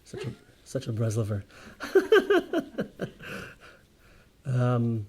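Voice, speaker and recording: Animated man teaching a casual Torah class. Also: medium pitch, moderate pace, a little hiss or hum. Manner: lively storyteller, many restarts and "right?" tags.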